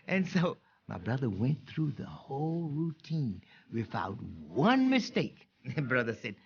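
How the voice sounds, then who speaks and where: Raspy older man telling stories. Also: medium pitch, very animated, measured pace. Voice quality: raspy, gravelly. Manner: acts out voices in stories, laughs often. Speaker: interviewee recalling rehearsals. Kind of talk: anecdotal storytelling. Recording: dull lo-fi archive recording.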